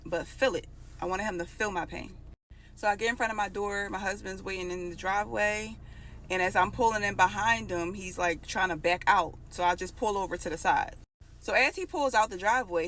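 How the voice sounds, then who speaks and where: A woman's voice: mid-range voice, fairly bright tone, slight background noise. A woman telling her own story in a casual, emotional storytime monologue, repeating phrases for emphasis.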